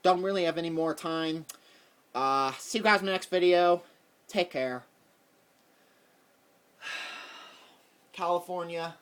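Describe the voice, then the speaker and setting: A man with a fairly high, slightly bright voice vlogs a heated, rambling political rant to camera, repeating himself as he goes. His voice sounds distant from the mic.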